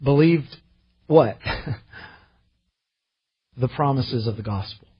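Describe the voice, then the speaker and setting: A pastor preaching a sermon in an earnest way, rising to impassioned readings of scripture. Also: male voice, mid-range voice, takes it slowly, slightly rough, lo-fi sound.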